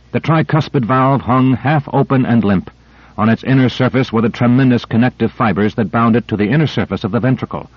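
A man reading an audiobook in a steady, measured narration. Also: fairly low pitch, no room sound, muffled recording. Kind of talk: scripted narration.

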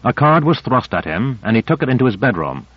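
A man reading a thriller aloud as an audiobook narrator, in a measured, steady way. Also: mid-range voice, slightly rough, dry recording. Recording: dry, slightly dull recording.

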